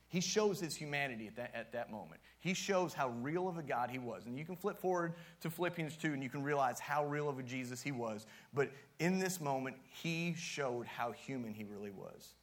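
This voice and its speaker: A man's voice: medium pitch, lively intonation, fairly quick. A man preaching a sermon as youth pastor, casual and joking at times, with strong emphatic rises.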